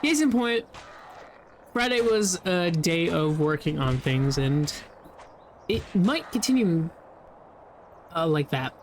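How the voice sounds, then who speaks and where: A man's voice: a little high, sing-song, slow pace, pauses often, a little hiss or hum. Rambling man commenting over gameplay. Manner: rambling, self-interrupting, frequent "like". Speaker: let's play commentator.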